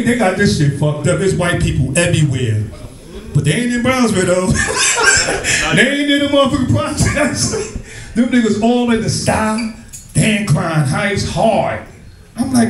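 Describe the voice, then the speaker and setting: A man doing stand-up comedy, telling loose, profane, animated stories and bantering with the crowd. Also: high voice, far from the mic. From Brooklyn, New York. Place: comedy club. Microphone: handheld stage mic. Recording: echoey club recorded from afar, crowd.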